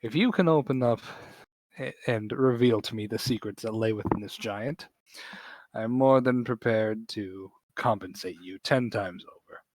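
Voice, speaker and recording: A man's voice: lowish voice, normal speed, darkish tone, dry recording, close to an everyday voice. A man playing a scornful rich bird patron. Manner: dismissive, condescending. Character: wealthy scheming male bird patron.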